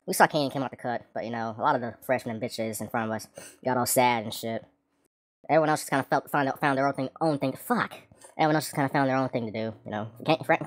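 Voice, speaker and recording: Fast, low-voiced, profane woman storyteller. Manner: rambling, profane, joking asides. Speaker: vlogger telling a story. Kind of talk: casual storytime monologue.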